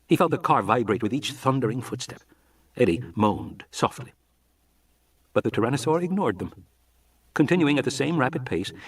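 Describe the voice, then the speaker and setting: Guy reading a novel out loud, husky, kinda far from the mic. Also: mid-range voice. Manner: expressive storytelling delivery. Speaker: audiobook narrator. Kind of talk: scripted narration.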